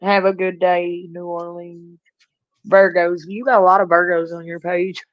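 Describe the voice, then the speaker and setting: A woman's voice: lowish voice, flat delivery, unhurried. A middle-aged woman calling in to a livestream, blunt and outspoken with a motherly streak. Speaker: caller on a livestream. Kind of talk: casual chat. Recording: dull muffled call-in audio.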